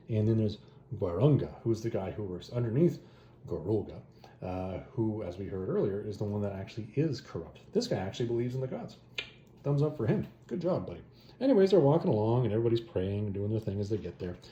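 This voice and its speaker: Guy recapping a comic story, low very mellow voice, kinda rambly, roomy echo. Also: muffled recording. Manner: rambling, offhand, with loose paraphrase and asides. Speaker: comic review host. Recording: echoey room with faint noise.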